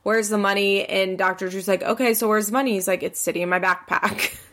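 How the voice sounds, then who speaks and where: A woman recapping a reality show in casual chat, swearing and acting out the people she quotes with big jumps in pitch. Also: steady tone, fairly quick, fairly bright tone.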